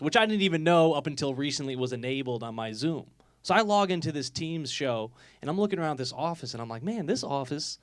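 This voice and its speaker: A man in his late twenties performs a live stand-up set, mocking himself in quick observational bits. His voice sits a little high and sounds close and dry. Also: no echo. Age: 20s. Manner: self-deprecating, energetic observational jokes. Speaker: stand-up comic. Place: live comedy telethon venue.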